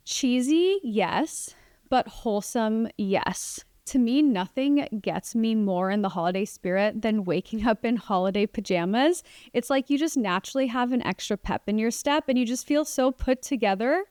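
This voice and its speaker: A woman's voice: mid-range voice, smooth, no room sound, studio quality. A young woman hosting a casual solo podcast, chatting about family life with lots of "like" fillers. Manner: chatty, warm, many "like" fillers. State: pregnant. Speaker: podcast host.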